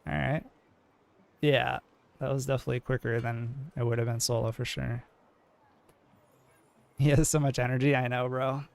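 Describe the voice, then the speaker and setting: Mellow New England streamer guy. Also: medium pitch, normal speed, creaky, long pauses. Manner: mellow, monotone, many "like" fillers. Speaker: game streamer. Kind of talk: casual live-stream chat.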